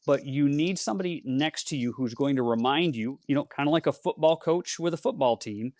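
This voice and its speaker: A man who coaches leaders, guesting on a podcast, telling stories in a lively way and acting out the dialogue. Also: on the high side, brisk, no echo, studio quality. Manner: animated storyteller, acts out dialogue. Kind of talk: podcast interview storytelling.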